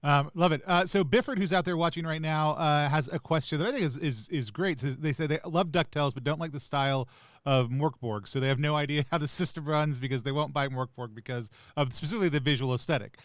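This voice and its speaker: A man's voice: on the high side, fast talker, no echo, studio quality. A man hosting a casual live interview, passing on a viewer's question in a conversational way. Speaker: host.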